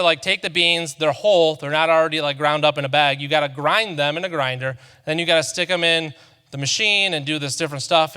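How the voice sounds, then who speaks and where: A man delivers a sermon with a bright, forceful tone and a slightly high pitch. He tells animated, self-deprecating stories. The sound carries a long church-hall reverb over faint background music. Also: clean tone. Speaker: pastor. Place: church auditorium.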